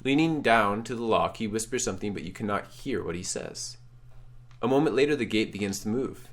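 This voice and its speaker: A man's voice: fairly low pitch, expressive, brisk. A man reading a text adventure game aloud with drama, calling out his choices. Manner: dramatic, shouts choices out loud. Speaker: game streamer.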